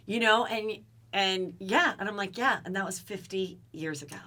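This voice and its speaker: A woman's voice: mid-range voice, normal speed, pushed and bright, distant mic. A woman hosting a podcast, chatty, asking follow-up questions in casual conversation. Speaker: podcast host.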